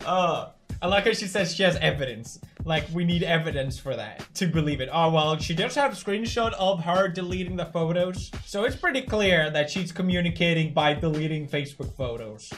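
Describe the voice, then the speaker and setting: A man doing mocking reaction commentary on a video clip, sarcastic and excitable. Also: a little high, a little fast, few pauses, soft background music. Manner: sarcastic, excitable, laughs often. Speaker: YouTube commentator.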